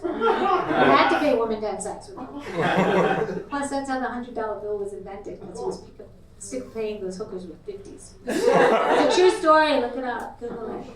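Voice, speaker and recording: A woman's voice: high voice, expressive, a little slow, very noisy. A middle-aged woman doing a brash, crude stand-up set in a small comedy club, laughing at her own punchlines. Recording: echoey club recorded from far off. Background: loud crowd laughter.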